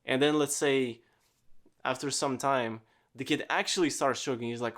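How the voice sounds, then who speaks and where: A man's voice: mid-range voice, steady tone, moderate pace, fairly bright tone. A man hosting a casual solo podcast, rambling with lots of fillers and swearing freely. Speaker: podcast host.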